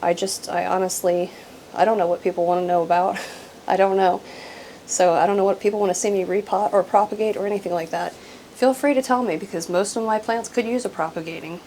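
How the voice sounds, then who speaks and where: A woman chats through a relaxed houseplant show-and-tell from her home, her talk loose and rambling with plenty of "um"s and little laughs. Her voice sits at an ordinary middle pitch, and a faint hiss runs underneath as she sometimes moves away from the camera. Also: brisk, rough recording. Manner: rambling and chatty, frequent "um"s and soft laughs. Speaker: houseplant channel host. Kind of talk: casual show-and-tell chat. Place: at home among houseplants, indoors. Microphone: camera she sometimes walks away from.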